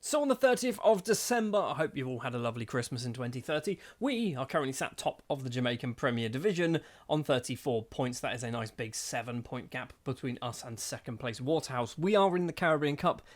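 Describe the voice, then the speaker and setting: A man's voice: mid-range voice, expressive, a little fast, hardly any pauses. A young man giving casual let's-play commentary, chatty and thinking aloud, often questioning himself mid-sentence. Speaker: gaming channel host.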